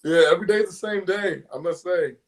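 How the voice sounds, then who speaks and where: A man's voice: high-pitched, fairly quick, low-quality recording. A young man co-hosting a youth group livestream, chatting easily and chuckling often. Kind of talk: casual livestream chat.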